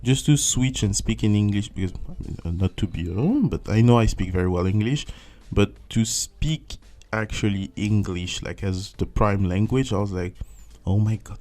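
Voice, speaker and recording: A young man from France, French accent, recounting his volunteering days in a relaxed interview. His voice sits a little low, and he acts out his old thoughts with big jumps in pitch and exclamations. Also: moderate pace, few pauses. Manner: animated, acts out his own past thoughts in swooping voices. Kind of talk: casual interview storytelling.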